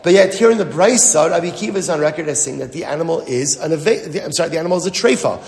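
A man's voice: fairly high pitch, rapid-fire, vocal fry, darkish tone. A man explaining a Talmud passage in an emphatic way, repeating phrases and asking rhetorical questions. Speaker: Talmud teacher. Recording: echoey hall with long reverb.

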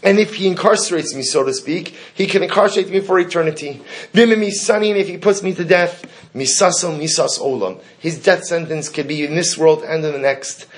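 A man's voice: a little high, brisk. A man leading a Talmud lesson. He chants the Hebrew text aloud, then explains it line by line in English. Now and then he stops to ask his students a question. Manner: asks the class questions. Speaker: Torah teacher. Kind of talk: Talmud class lecture.

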